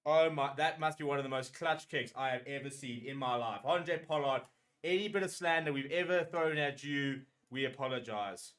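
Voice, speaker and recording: A man's voice: medium pitch, moderate pace, fairly bright tone. A man giving emotional live fan commentary on a rugby match, nervously repeating phrases as he calls the play.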